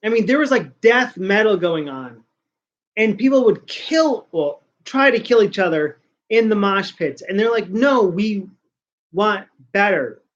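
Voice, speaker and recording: A man's voice: high voice, lively intonation, normal speed. A man hosting a casual talk show, ranting and rambling with lots of swearing. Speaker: podcast host. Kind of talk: casual rant. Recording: dull lo-fi sound.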